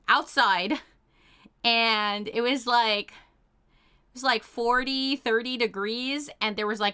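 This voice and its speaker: Bubbly bright-voiced young woman chatting. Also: medium pitch, clear, resonant tone. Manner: bubbly, gushing, lots of "oh my gosh" and "like". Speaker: streamer reading chat. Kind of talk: casual chat.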